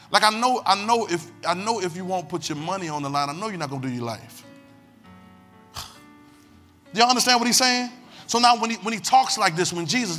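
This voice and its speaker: A man preaches in a high, bright voice, repeating phrases and calling on his listeners to pay attention. Quiet music plays faintly behind him. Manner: emphatic, repetitive preaching with call-and-response. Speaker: pastor. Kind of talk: sermon.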